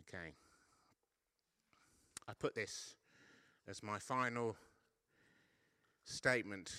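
A man's voice: fairly low pitch, slow, pauses often, pushed and bright, dry recording, clean studio sound. A man giving a conversational sermon as a preacher, often checking in with his listeners and poking fun at himself. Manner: conversational, self-deprecating, frequent "yeah?" checks. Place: church.

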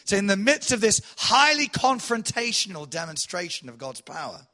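A man preaching to a congregation, telling a testimony with animated storytelling that swells loud and then drops soft. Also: high-pitched, normal speed. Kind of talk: sermon testimony.

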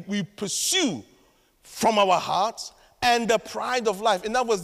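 A man with a high voice delivers a sermon as a pastor. He preaches emphatically, bursting out loudly at times and dropping into dry asides. His voice rings with the long reverb of a large hall.

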